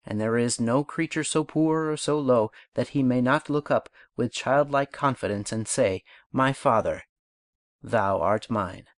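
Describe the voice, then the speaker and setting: A man narrates an audiobook in a mid-range voice, reciting poems and speaking lessons at a measured, deliberate pace. The recording is close and dry, with no room sound around him. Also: mid-range voice, no echo. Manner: measured, unhurried recitation of verse and instruction. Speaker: audiobook reader.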